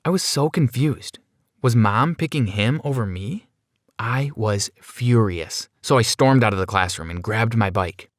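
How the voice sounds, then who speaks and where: A man narrates a first-person story in a plain, conversational manner. His voice sits low. The recording is close and dry, with no room sound. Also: animated, a little slow, dry recording.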